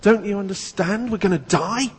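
A preacher voicing a panicked shipwrecked man who screams and yells during a joke. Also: high voice, moderate pace, breathy edge, pitched above the performer's own voice. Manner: yelling, frantic. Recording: long church reverb.

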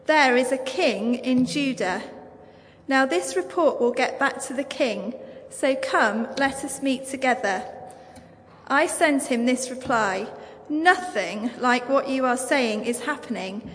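A woman with an English accent reading a Bible passage aloud in church, measured and formal. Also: high-pitched, lively intonation. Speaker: Bible reader. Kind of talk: scripture reading. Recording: long church reverb.

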